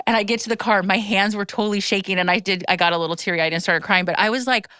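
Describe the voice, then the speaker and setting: Woman telling a story with smooth tone. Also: fairly low pitch, rapid-fire, few pauses, dry recording, studio quality. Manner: animated storytelling, breathless retelling with frequent restarts; swears casually. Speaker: podcast host. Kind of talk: casual chat.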